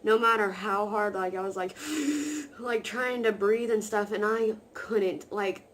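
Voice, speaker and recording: Excitable rambling young woman vlogger. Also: medium pitch, measured pace. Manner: excited, rambling, heavy use of "like" fillers. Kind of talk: casual storytelling to camera.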